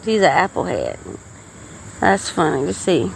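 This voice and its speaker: A woman's voice: on the low side, huge pitch swings, a little slow, gravelly, rough recording. Middle-aged woman podcaster, folksy and rambling, with faint crickets and traffic outside. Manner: rambling, folksy, with frequent restarts. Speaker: podcast host. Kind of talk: casual storytelling monologue.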